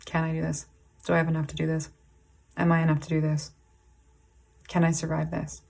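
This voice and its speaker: A woman reads tarot to camera in a low, gravelly voice with a husky edge. Her talk is halting and rambling, full of restarts and "like"s. She pauses often to sigh and breathe, caught up in the emotion of the reading. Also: completely flat delivery, a little mellow. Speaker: tarot reader.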